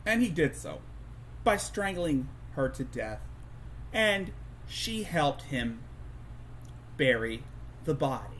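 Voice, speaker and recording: A man's voice: on the high side, big pitch swings, slow pace, long pauses, a bit bright, a little hiss or hum. A man hosting a commentary stream, talking in a sarcastic, mocking way with stumbling restarts. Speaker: streamer host.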